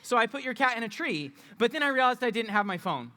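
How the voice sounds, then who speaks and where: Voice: medium pitch, big pitch swings, fast, bright, forceful tone. Upbeat youth pastor leading a skit. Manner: upbeat, playful, coaching volunteers. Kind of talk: interactive youth group talk.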